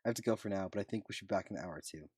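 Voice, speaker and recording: A man's voice: sits low, very fast, a little mellow, breathy edge, no room sound, clean studio sound. A man voicing a friendly father who calls to check in, easygoing and reassuring.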